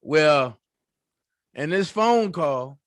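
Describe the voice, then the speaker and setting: Animated, profane man host with a high voice. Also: very slow, dry recording. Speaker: channel host. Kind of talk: casual commentary rant.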